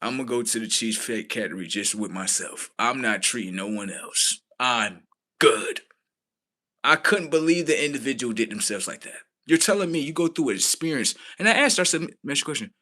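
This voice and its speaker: A man with rants to his stream. His pitch swings up and down and his tone is bright. He talks casually, incredulous, and swears freely. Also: moderate pace. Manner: animated, incredulous, swears freely, quotes others in his own voice. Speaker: livestream host. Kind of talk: casual storytelling rant.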